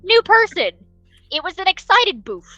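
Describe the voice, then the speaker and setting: A woman narrating a tabletop role-playing game as game master, animated and laughing often. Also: extremely high pitch, moderate pace, no echo, muffled recording, faint music behind.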